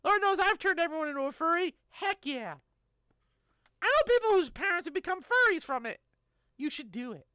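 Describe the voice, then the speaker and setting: A woman's voice: very high voice, animated, a little fast, bright, forceful tone, no room sound. A woman in her thirties streaming live, chatting casually and joking as she answers chat messages.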